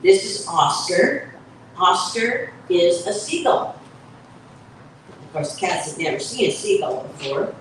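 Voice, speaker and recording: Woman author reading a children's book aloud at a book fair, slow, heard far off in an echoey hall. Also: lowish voice, animated, a little hiss or hum. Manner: slow, explanatory storytelling with asides.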